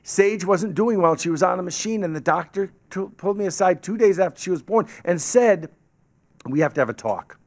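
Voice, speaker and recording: Fairly quick and high-voiced, this man barely pauses as he tells his story to a club audience. He speaks through a podium microphone in a meeting hall, animated and imitating the voices of the people he quotes.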